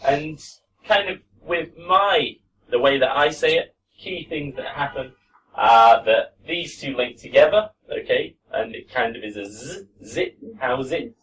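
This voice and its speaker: A man teaching a pronunciation class to students in a classroom, relaxed and encouraging. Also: mid-range voice, measured pace, slight background noise. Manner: relaxed, encouraging, demonstrates sounds. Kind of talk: classroom lesson. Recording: distant mic in a classroom.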